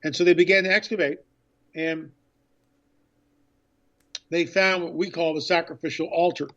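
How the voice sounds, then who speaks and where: A man guesting on a radio interview as an author and filmmaker, telling a story with excitement and acting out past conversations. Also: a little high, moderate pace, muffled recording.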